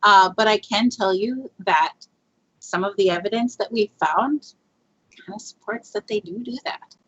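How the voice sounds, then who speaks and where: A woman's voice: medium pitch, a little slow, fairly bright tone, husky. Chatty woman on a lo-fi podcast. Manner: chatty, rambling with fillers and laughs. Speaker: guest Bigfoot researcher. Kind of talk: casual storytelling in a podcast interview. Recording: lo-fi muffled audio.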